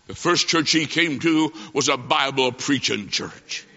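A man preaching a sermon, telling a story dramatically with slow delivery and long pauses. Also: a little high, creaky, bright, forceful tone. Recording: hall reverb, dull lo-fi sound.

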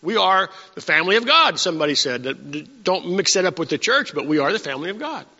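A man preaching a sermon as the pastor of his church, animated and emphatic, often restarting his phrases. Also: sits high, fast talker. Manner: animated, rising to emphatic peaks, with frequent restarts. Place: church sanctuary. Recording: dull sound with hall reverb.

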